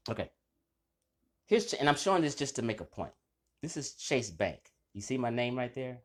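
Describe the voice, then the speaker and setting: Animated, boastful man calling people out. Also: medium pitch. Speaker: channel host. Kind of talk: casual call-out vlog.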